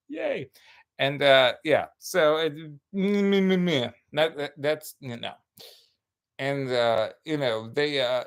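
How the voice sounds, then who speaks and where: A man from Ireland doing a rambling, profane stand-up routine, breaking into loud, high-pitched impressions. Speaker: stand-up comedian.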